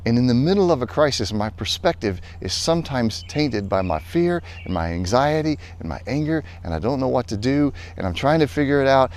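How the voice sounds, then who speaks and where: A male pastor telling a personal story in a lively way, then turning earnest and reflective as he draws a lesson. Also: medium pitch. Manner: animated storytelling, later calm and earnest. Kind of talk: storytelling devotional talk.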